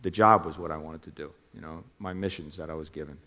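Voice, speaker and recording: A man's voice: extremely low pitch, steady tone, fast, pushed and bright, in a large hall. A middle-aged man from New Jersey, a former undercover officer, telling his story in an interview and acting out phone calls in quoted voices.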